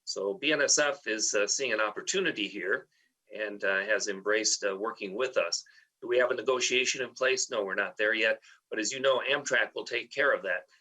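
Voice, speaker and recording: Bright-voiced testifier, far from the mic. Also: male voice, on the low side, brisk. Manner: informative, many filler "uh"s. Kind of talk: answering questions in a hearing. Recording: distant from the mic.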